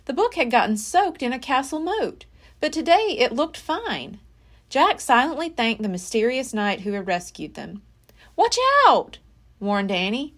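A woman's voice: on the high side, lively intonation, normal speed. A woman library storyteller reading a children's chapter book aloud with expression. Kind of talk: children's read-aloud narration.

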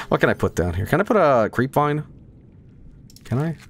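A man streaming a video game live, talking to his chat in a casual, excitable way, swearing often and breaking into loud repeated exclamations. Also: medium pitch. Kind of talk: live gameplay commentary.

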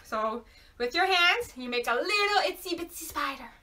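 A young woman, a children's librarian, leads a toddler storytime at home, singing songs and rhymes and offering praise in a cheerful sing-song. Her high voice has lively intonation, a sharp tone and normal speed, and she's recorded from a little distance away from the mic.

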